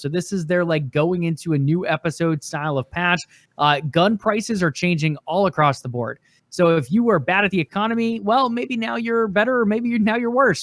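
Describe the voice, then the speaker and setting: Male podcast co-host, slightly high voice, easygoing news rundown, dry close mic. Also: no echo. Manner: relaxed, conversational, with fillers.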